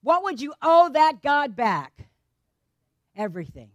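A woman's voice: high voice, big pitch swings, unhurried, a bit bright, no echo, dull audio. A woman preacher giving a sermon in a conversational way, questioning the congregation with playful asides.

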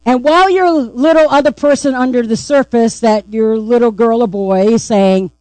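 A woman's voice: a little high, normal speed, mellow, dry recording, rough recording. A woman pastor preaching a sermon, emphatic and repeatedly asking the congregation "right?".

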